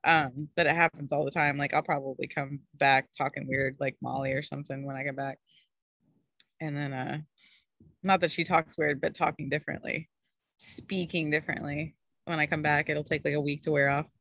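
A woman's voice: deep voice, fairly even intonation, normal speed, vocal fry, a bit bright, no room sound. A woman from Maryland, a food coach, chatting casually and encouragingly on a video call.

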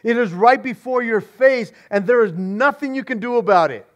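A man voicing a booming movie-trailer narrator who proclaims doom in a slow, loud delivery. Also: dull audio. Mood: ominous.

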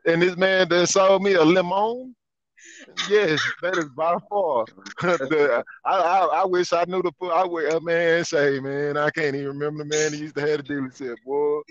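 A man telling a story in casual chat, animated and repeating his phrases, laughing as he goes. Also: fairly high pitch, moderate pace. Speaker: guest. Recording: dull lo-fi sound, dry.

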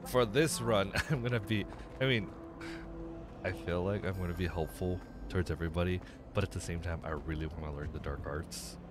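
A man's voice: deep voice, fairly quick. A young man casually commenting on his video game playthrough, rambling, correcting himself and getting distracted. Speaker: gaming streamer. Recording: game music behind.

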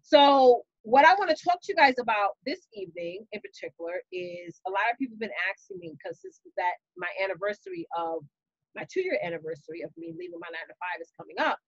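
A woman with a New York accent, hosting a casual live stream and telling a story to her viewers in a lively, chatty way, calling them y'all. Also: high voice, fast, vocal fry, no room sound, muffled recording. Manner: animated, chatty, talks straight to viewers with y'all and you know. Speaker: business coach and live-stream host.

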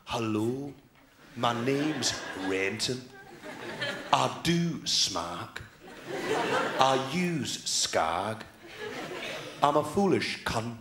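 A man doing a deadpan impression of a hard-sounding young Scottish junkie with a Scottish accent, in a stand-up act. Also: medium pitch, very noisy, pitched below the performer's own voice, heavily acted. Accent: Scottish (mock). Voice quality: deadpan, slow and flat. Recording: echoey theater.

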